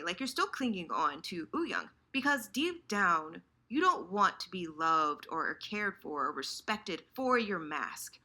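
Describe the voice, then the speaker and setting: A host chats loosely with her viewers about fandom, often slipping into the inner voices she imagines they have. Her bright, clear voice leaps all over in pitch, and she's animated, acting out those voices with lots of restarts.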